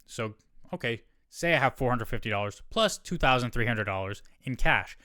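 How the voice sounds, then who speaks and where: On a solo podcast, a male host reads a news article aloud, stopping for offhand asides and quick corrections. His middle-pitched voice is smooth, resonant, expressive, pushed and bright. The recording is dry and close-miked with no room echo.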